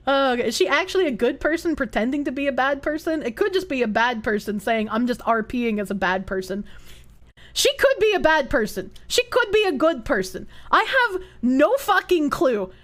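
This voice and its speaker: A woman's voice: sits high, very animated, brisk, hardly any pauses, a bit bright. A woman livestreamer chatting casually, reading chat, giggling often and swearing freely.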